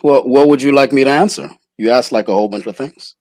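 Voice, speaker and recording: A man hosting a stream debate, calm and measured, repeatedly asking pointed questions. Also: medium pitch, dry recording. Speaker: channel host.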